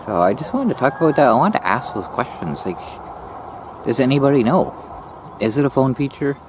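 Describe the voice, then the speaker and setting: A man commenting casually as a channel host, a little hoarse and clearing his throat, puzzled and asking questions while repeating himself. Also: medium pitch, lively intonation, a little fast, noisy background.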